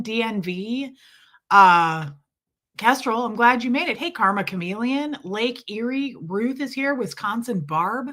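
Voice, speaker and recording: A woman hosts a casual livestream, her voice hoarse from being sick yet still bright and forward. She chats freely, greeting viewers by name and reading their comments aloud. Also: mid-range voice. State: hoarse from illness. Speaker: livestream host.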